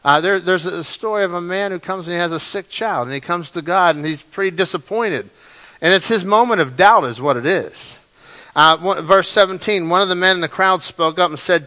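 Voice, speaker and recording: Guy preaching, kinda high bright voice, animated, repeats himself a lot. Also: brisk. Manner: animated, repeats words, acts out the story's lines. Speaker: pastor. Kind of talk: sermon.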